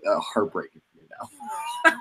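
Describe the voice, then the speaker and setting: A man hosting a casual sports podcast, relaxed and a bit hesitant, laughing easily. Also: moderate pace. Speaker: podcast host.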